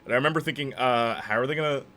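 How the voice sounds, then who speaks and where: A man's voice: mid-range voice, very fast, pushed and bright. A man streaming games, chatting casually and rambling through jokes. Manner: rambling, jokey, acts out silly dialogue. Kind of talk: casual chat on a gaming stream.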